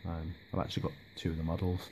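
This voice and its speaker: Guy rambling about his hobby, low voice, lots of ums, faint noise behind. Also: monotone, rapid-fire, gravelly, darkish tone. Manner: hesitant, lots of ums and restarts. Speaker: miniature hobby vlogger. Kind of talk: casual rambling update.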